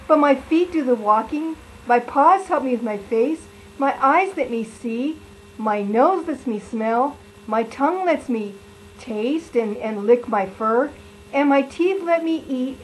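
A woman's voice: sits high, a little hiss or hum, rough recording. A woman voicing a playful, chatty lion who preaches a children's sermon in a sing-song, exaggerated way.

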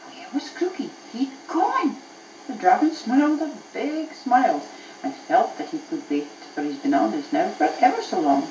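A woman's voice: mid-range voice, animated, moderate pace, a little mellow, echoey room, muffled recording, slight background noise. A mother reading a bedtime story to her child aloud, telling it expressively, recorded on an old cassette tape.

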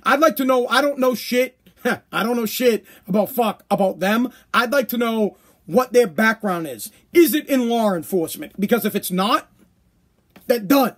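A man's voice: very high-pitched, expressive, moderate pace, a bit bright. A man hosting a podcast, ranting bluntly and profanely in a casual monologue. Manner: profane, blunt, worked-up rants. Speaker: podcast host.

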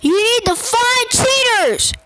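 Very high-voiced excitable woman reacting. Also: takes it slowly. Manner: excitable, bursts into shouts and gasps; blunt and scolding, swears at the game. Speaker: gameplay reaction commentator. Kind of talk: casual gameplay reaction commentary.

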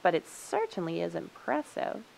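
A woman voicing a vain, fussy male coyote in a storybook reading, talking in an excitable, raised way. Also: on the low side, moderate pace, creaky, slight background noise, exaggerated voice, poor audio.

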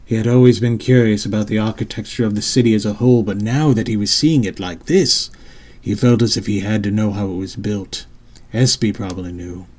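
Low, husky male audiobook narrator. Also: a little mellow. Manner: measured, descriptive storytelling. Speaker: author and narrator.

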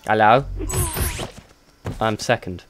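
A young British man casually commentating a game he is playing, excitable and self-mocking, blurting out swears. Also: fairly low pitch, slow, slight background noise. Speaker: let's play gamer. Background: game music.

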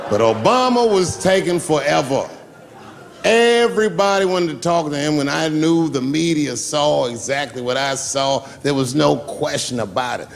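A man's voice: medium pitch, animated, normal speed, gravelly, slight background noise. A man doing stand-up comedy, telling a long story loosely and profanely and acting out the people in it. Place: live comedy stage.

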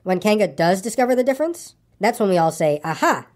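A woman voicing a fussy, bossy male rabbit in a storybook reading, speaking in a brisk, self-important way. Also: medium pitch, big pitch swings, a little mellow, natural voice.

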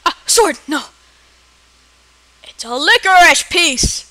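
This is a woman narrating a let's play with a high, bright voice. She is excitable and yells at the game often, and her pitch leaps all over the place. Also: measured pace. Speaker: gamer. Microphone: personal computer mic.

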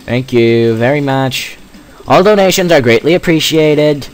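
Lively teenage boy gaming commentator. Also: mid-range voice, a little slow. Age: teens. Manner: rambling, jokey, self-mocking asides. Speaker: let's play gamer. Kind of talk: gameplay commentary.

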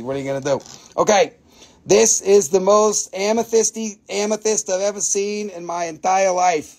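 A man hosting a live crystal sales stream, chatting casually and excitably in non-native English, swearing freely and laughing often. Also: high voice, normal speed.

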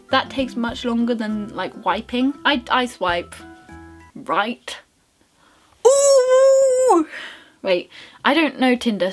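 Young girl rambling through a makeup tutorial, kinda high voice, soft music behind. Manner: bubbly, rambling, giggly, self-mocking. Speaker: beauty vlogger. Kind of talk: casual makeup tutorial chat.

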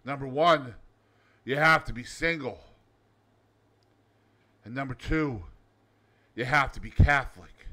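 Man doing a calm, soft-spoken old nun. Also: mid-range voice, slow pace, pauses often. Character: elderly nun, calm and unflappable.

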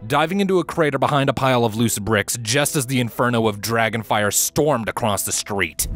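A man reading fan fiction aloud in a steady, measured audiobook narration. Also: fairly low pitch. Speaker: fanfiction reader.

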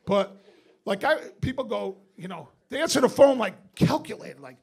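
A man's voice: sits high, animated, normal speed, creaky, slightly rough. A male stand-up comedian telling a profane story on stage in a comedy club, laughing through his punchlines. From Binghamton, New York.

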